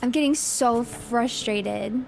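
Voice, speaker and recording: A woman's voice: fairly high pitch, slow pace, gravelly, darkish tone, slight background noise. A young woman streaming a game, chatting casually and exclaiming in flustered bursts.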